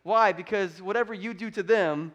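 At a moderate pace, a high-voiced male pastor in his thirties delivers a laid-back, chatty sermon sprinkled with jokes. When he hits important points, he rises into loud, forceful proclamations.

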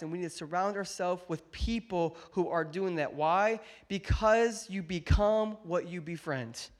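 Man, thirties, pastor, high voice, storytelling sermon, rises to shouting. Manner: storytelling, builds to loud shouting climax.

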